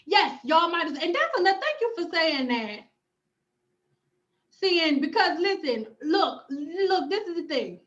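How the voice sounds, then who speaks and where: A woman's voice: very high voice, very animated, unhurried, fairly bright tone, dull audio. A woman, hosting a casual hair-care livestream from home and reading viewer comments, sassy, emphatic and profane. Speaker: hair stylist and cosmetologist vlogger.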